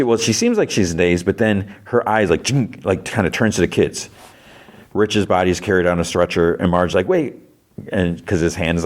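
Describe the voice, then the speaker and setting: A man with a low voice recaps a show in a relaxed, chatty way, full of fillers and restarts. When he quotes characters, he jumps up into a raised, put-on voice. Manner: retells scenes, acting out quotes in a raised voice; loose delivery with frequent fillers. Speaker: podcast host. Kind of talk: casual plot recap.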